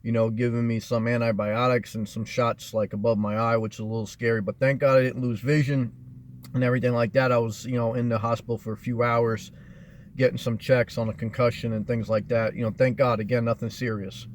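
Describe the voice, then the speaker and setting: Earnest man giving a slow life lesson. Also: medium pitch, level tone, a little hiss or hum. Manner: earnest, repetitive, measured delivery with many fillers. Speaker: motivational vlogger. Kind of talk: reflective motivational monologue.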